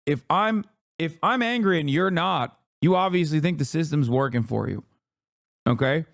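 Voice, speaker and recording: A man's voice: fairly high pitch, animated, moderate pace, vocal fry, no room sound. Angry, profane male streamer, dry sound. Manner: angry, profane, shouts down critics. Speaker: livestream political commentator. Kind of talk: heated livestream commentary.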